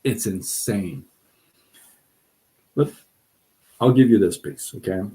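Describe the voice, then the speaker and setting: A middle-aged man hosting a casual live stream, talking in an animated, excitable way with frequent restarts. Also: on the low side, slow pace, poor audio. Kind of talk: casual livestream talk. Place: Southern California.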